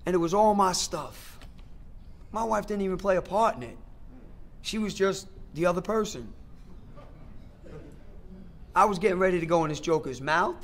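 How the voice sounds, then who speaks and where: A man's voice: sits high, normal speed, pauses often, fairly bright tone. A middle-aged man speaking at a recovery meeting, giving a personal testimony in an emphatic, conversational way, repeating phrases for effect and talking straight to the crowd.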